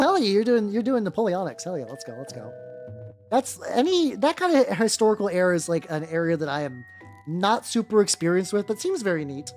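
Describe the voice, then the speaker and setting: A miniature-painting streamer chatting casually and rambling through tangents while painting. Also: medium pitch. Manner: rambling and animated, full of fillers and tangents. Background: faint background music.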